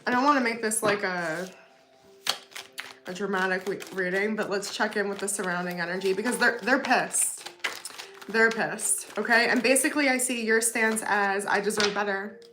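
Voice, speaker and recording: A woman's voice: mid-range voice, moderate pace, background noise. A woman giving a casual tarot reading to her viewers, chatty, often adding "okay?" and "you know what I mean?". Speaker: tarot reader.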